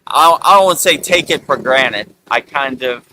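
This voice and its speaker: A middle-aged man hosting a spiritual talk, speaking in a relaxed, rambling way with lots of "you know". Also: mid-range voice, normal speed, slight background noise, rough recording. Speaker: spiritual teacher and show host.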